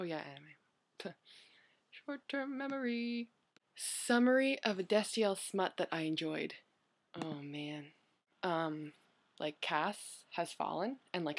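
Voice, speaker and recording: A woman's voice: sits low, husky. A young woman vlogger chatting casually as she answers questions, rambling and filling her talk with "like" and "you know".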